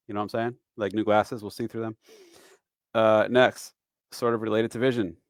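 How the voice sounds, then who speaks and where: A man's voice: on the low side, level tone, normal speed, dry recording, studio quality. A man in his forties hosting a casual live-stream lesson on retiree taxes, chatty and self-deprecating, slipping in dad jokes between fillers. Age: 40s.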